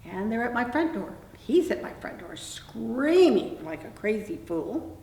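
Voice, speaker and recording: A woman's voice: fairly high pitch, a little slow. Older woman telling a blunt story, roomy. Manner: animated anecdote with quoted dialogue, blunt and wry. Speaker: interview guest. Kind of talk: storytelling in an oral-history interview. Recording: roomy echo, distant mic, faint room hum.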